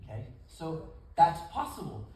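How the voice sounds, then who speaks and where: A male pastor delivers a folksy sermon, his pitch swinging widely as he acts out quotes in different voices. He sounds distant from the microphone, with his voice echoing around a large room. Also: wildly swooping pitch, measured pace, warm tone. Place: church service in a gym. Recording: echoey room from far off.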